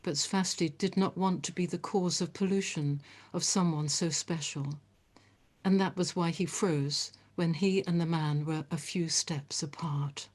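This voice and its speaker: A woman reading a story aloud in a calm, measured, gentle way. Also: lowish voice.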